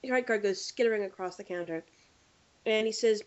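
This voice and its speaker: A woman hosting a casual podcast chat, telling lively stories and acting out the people in them. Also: mid-range voice, a little fast, highs cut off. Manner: animated storyteller acting out quotes. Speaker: podcast host.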